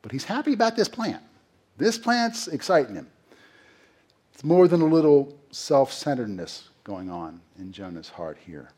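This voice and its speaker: A man's voice: mid-range voice, sing-song, normal speed, a little mellow. A middle-aged man preaching a sermon in a conversational way, asking the congregation questions and acting out quotes. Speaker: pastor.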